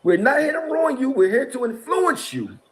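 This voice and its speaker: A middle-aged man speaks high in his range with wide, swooping pitch. He rants in an exasperated, mocking way and laughs between his jabs. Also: huge pitch swings, moderate pace. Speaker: interview guest. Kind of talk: heated call-out rant.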